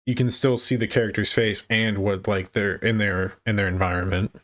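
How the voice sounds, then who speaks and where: A man's voice: lowish voice, steady tone, moderate pace, a bit bright. A man co-hosting a podcast, chiming in casually while discussing a movie. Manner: laid-back, agreeing and chiming in. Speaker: podcast co-host.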